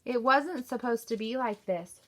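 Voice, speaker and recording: A woman reading a novel aloud, voicing a distraught gentleman who speaks in a strained, stammering, pleading way. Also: a little high, normal speed, natural voice. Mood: sheepish. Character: distraught grieving gentleman, master of the house.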